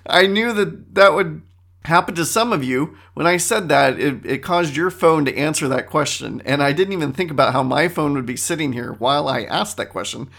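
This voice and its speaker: Middle-aged man, host, loose conversational monologue, somewhat high voice. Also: normal speed, creaky, a bit bright. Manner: conversational, rambling, self-correcting. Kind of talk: casual monologue.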